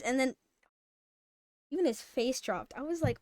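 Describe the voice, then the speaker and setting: A woman streamer telling a story in casual live-stream chat, animated and swearing freely. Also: high voice, unhurried, pauses often, no room sound, studio quality.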